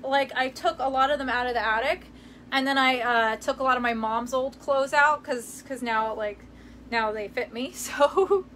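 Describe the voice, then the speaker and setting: A woman's voice: high voice, fairly bright tone, a little hiss or hum. A young woman from the United States chatting casually with her viewers, rambling and giggling as she sorts through old clothes in her parents' house. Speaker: vlogger. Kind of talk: casual chat reading live comments.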